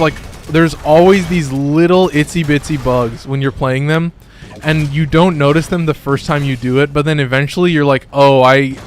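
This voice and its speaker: On his live stream, a young man with a mid-range voice commentates casually and excitably. He rambles, says "like" a lot, and lets the occasional curse slip.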